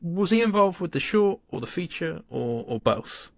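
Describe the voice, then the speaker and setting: A man's voice: fairly high pitch, very animated, normal speed, creaky, no room sound, clean studio sound. A man hosting a film podcast, asking questions and affirming the guest's answers. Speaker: podcast host. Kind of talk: interview questions.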